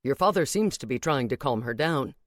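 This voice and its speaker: A woman voicing a disciplined young man who reports things calmly and plainly. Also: extremely low pitch, fairly quick, no echo, studio quality, pitched below the performer's own voice. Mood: matter-of-fact.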